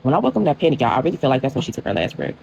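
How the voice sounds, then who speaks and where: A woman's voice: a bass voice, sing-song, rapid-fire, vocal fry, warm tone, highs cut off, slight background noise. A young woman telling a personal storytime casually, talking straight to viewers with lots of filler words. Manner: chatty, addresses viewers as y'all, many likes.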